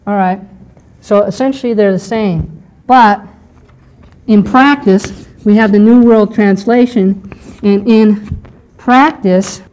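Woman teaching bible study, mellow dark voice, middle pitch, talks casual and checks in a lot. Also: poor audio. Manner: conversational, checks in with "okay?". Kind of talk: classroom lecture.

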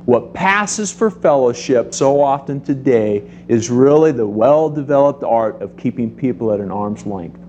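A middle-aged man preaching a sermon to a congregation, telling stories in a lively way and acting out the voices in them. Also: medium pitch, unhurried, hardly any pauses, slight background noise. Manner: animated storytelling, acts out voices. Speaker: pastor.

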